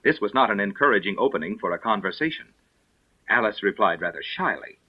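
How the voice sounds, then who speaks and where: A man narrating an audiobook in an expressive storytelling manner, recorded in dull lo-fi. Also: fairly low pitch, fairly quick, husky.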